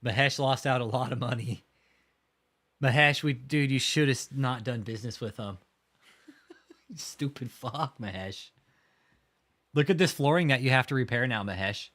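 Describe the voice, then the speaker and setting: Man hosting a live stream, mid-pitched, foul-mouthed and scornful, talking straight to chat. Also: moderate pace, pauses often, a bit bright. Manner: profane, mocking, heated. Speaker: livestream host. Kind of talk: casual livestream commentary.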